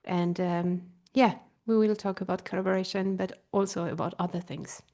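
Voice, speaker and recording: A woman's voice: fairly low pitch, steady tone, normal speed, dark tone. Bubbly woman co-host with fillers. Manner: bubbly, many fillers, playful. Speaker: co-host and speaker. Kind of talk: casual live-stream chat. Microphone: video call.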